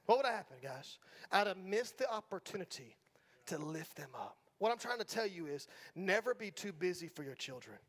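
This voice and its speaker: A middle-aged man from Georgia with a Southern accent preaches in a church sanctuary, his high voice sing-song, a little fast, and fairly bright. He jokes and converses casually with the congregation, often tossing out "right?"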